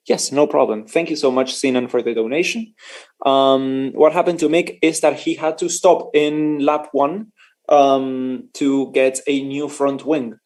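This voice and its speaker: A man's voice: mid-range voice, measured pace, darkish tone. A man casually commenting on a live race for his stream, chatty and joking, laughing often and stumbling over his words.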